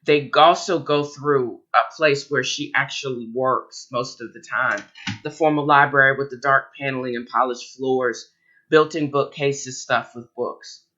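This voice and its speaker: Slow, leisurely middle-aged woman storyteller. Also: rumbling low, fairly even intonation, sharp tone, muffled recording. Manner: leisurely, with asides and fillers. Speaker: storyteller reading her own script. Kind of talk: casual story narration.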